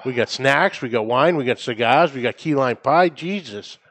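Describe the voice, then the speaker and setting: A man's voice: medium pitch, animated, moderate pace, fairly bright tone. A man with a New England accent hosting a barbecue podcast in a studio, upbeat and playful, laughing often. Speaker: podcast host. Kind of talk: casual podcast chat.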